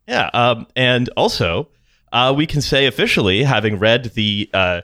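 A man's voice: mid-range voice, sing-song, normal speed, pushed and bright, dry recording. A man hosting a podcast in casual chat, riffing sarcastically with dry humor. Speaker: podcast host.

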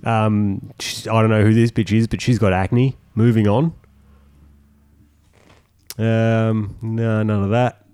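A man's voice: fairly low pitch, level tone, slow, long pauses, warm tone, clean tone. A man co-hosting a casual chat, reading out a thread and mocking it sarcastically. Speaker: podcast co-host.

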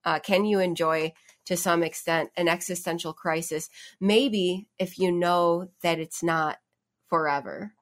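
Reflective woman co-host, lowish voice. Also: steady tone, measured pace. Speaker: co-host of a live art stream. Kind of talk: casual chat.

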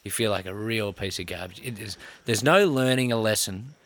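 Australian bloke in his 30s, lowish voice, swears freely, mocks himself, animated yarn-spinner. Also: brisk. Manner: profane, self-mocking, animated storyteller. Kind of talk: casual storytelling.

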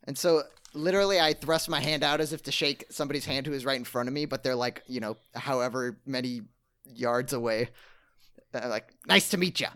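A man playing a tabletop game, describing his character's actions in a halting way. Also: mid-range voice, steady tone, a bit bright, clear, resonant tone. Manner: halting, with restarts. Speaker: player.

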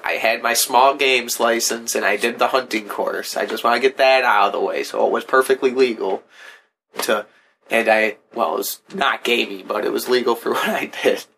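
A young man co-hosting a casual podcast, his voice at an ordinary middle pitch. He rambles through jokey stories with loose restarts. A faint hiss of noise sits behind him. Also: normal speed, bright, forceful tone. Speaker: podcast co-host. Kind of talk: casual chat.

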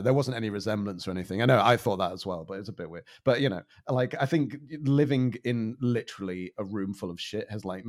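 A man's voice: fairly low pitch, darkish tone. A man performing improvised comedy, exasperated and rambling, swearing often.

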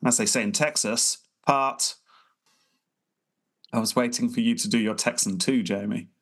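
A man's voice: medium pitch, steady tone, moderate pace, fairly bright tone. A man co-hosting a casual podcast, joking, laughing and telling a scene as a story. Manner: jokey, storytelling, laughs often. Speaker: podcast co-host. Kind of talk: casual chat.

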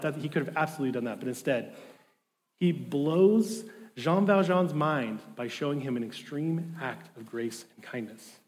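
A man with a fairly high voice preaches a sermon. He talks like a relaxed, eager pastor telling a story to his congregation. His voice rings with long reverb from a large hall. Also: moderate pace. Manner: casual, enthusiastic storytelling preacher.

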